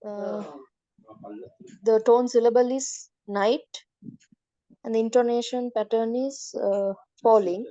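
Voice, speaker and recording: A woman's voice: a little high, steady tone, takes it slowly, long pauses, mellow, no room sound, highs cut off. A woman student politely reading out her answers in an online class, hesitant and full of fillers.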